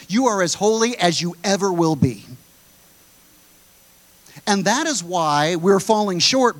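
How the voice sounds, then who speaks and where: Pastor guy preaching sunday morning, kinda high voice, says stuff twice to hammer it in. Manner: preaching with emphatic repetition, addresses the congregation directly. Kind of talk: sermon.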